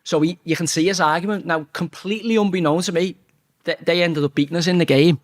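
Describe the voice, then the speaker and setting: A man telling a blunt, sweary story as an interview guest, talking fast and animated. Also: on the high side. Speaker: interview guest, former footballer.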